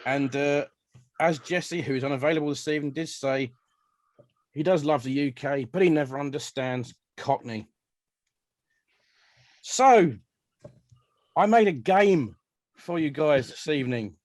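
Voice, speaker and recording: A man's voice: fairly high pitch, a little slow, pauses often, a little mellow, no echo, studio quality. Chatty man hosting an interview. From London, England. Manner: chatty, self-deprecating, playful banter. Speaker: radio show host. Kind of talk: casual video-call interview.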